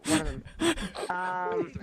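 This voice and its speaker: A man's voice: very high voice, wildly swooping pitch, takes it slowly, gravelly, over a noisy crowd. A man who does paid voice work, chatting casually in a hesitant, trailing manner. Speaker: guest, paid voice performer. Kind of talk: casual chat.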